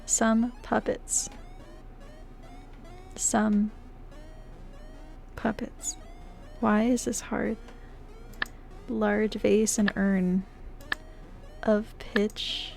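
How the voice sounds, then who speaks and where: A young woman streaming live, chatting casually with her viewers, playful and laughing, swinging between loud outbursts and quiet mumbling. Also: medium pitch, flat delivery, very slow, vocal fry, pauses often, soft background music. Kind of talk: casual live-stream chat while playing games.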